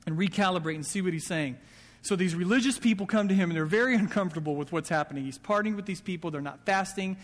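Male pastor, conversational sermon, higher voice, long hall reverb. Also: quick pace. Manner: conversational preaching with quoted asides. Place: church sanctuary.

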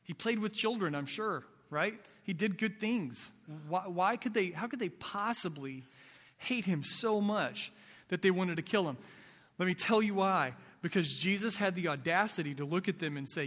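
Man, pastor, sermon, high voice, conversational, rhetorical questions, long hall reverb. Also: expressive, moderate pace, fairly bright tone.

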